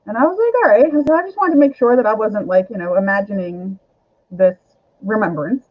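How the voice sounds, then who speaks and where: A woman's voice: medium pitch, animated, fairly quick, dull audio. A middle-aged woman telling a candid personal story as a guest on a talk show, rambling, with many fillers.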